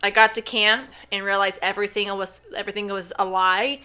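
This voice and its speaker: A young woman reacts to footage in a loose, animated way, blunt and quick with sarcastic asides. Her voice is bright and forward. She talks at an ordinary middle pitch. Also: smooth. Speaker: reaction video host, former gymnast. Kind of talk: casual reaction commentary.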